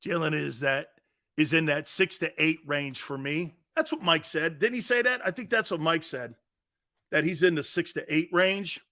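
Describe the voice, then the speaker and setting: A man's voice: on the high side, normal speed, pushed and bright. A middle-aged man hosting a sports talk radio show, brash and mocking, talking back to his listeners. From United States.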